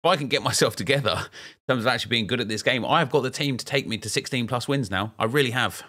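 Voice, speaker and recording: Man, young adult, gameplay commentary, bright tense tone, excitable, frustrated self-talk. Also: medium pitch, quick pace. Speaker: video game streamer.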